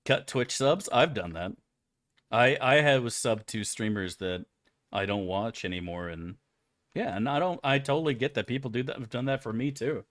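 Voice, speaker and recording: A man's voice: mid-range voice, moderate pace, a bit bright, no room sound, clean studio sound. A man from Florida chatting casually with viewers while streaming a game, rambling, offhand and full of swearing. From Florida, USA. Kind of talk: casual chat while gaming.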